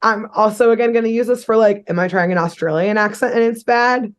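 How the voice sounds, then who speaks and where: A woman's voice: on the high side, steady tone. Giggly young woman podcast co-host. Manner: giggly, fast, swears freely. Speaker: podcast co-host recapping a cartoon episode. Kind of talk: casual chat.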